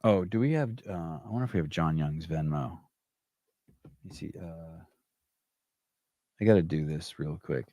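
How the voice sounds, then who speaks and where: Deep-voiced, profane podcast host. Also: male voice, moderate pace, long pauses, mellow, no room sound, studio quality. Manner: rambling, profane, wry. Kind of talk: casual livestream chat.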